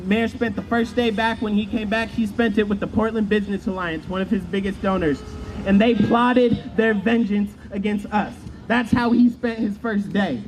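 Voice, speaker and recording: A man's voice: high-pitched, fairly even intonation, normal speed, rough recording. A man giving a fiery, rhetorical speech at an outdoor street protest. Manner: fiery, rhetorical, chants with crowd. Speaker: protest speaker. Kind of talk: impassioned rally speech. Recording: loud crowd and street noise.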